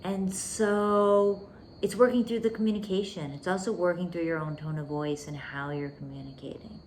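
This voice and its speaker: Woman host, low voice, intimate coaching monologue, faint hiss behind. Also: steady tone, moderate pace, darkish tone. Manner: intimate, emphatic, calls listener "baby", drops to whispers. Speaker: podcast host.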